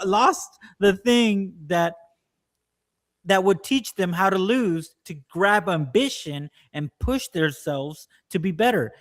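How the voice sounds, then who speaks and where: A man co-hosting a casual political podcast, ranting at length and mimicking people in quick quoted asides. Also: high-pitched, lively intonation, a bit bright. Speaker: podcast co-host.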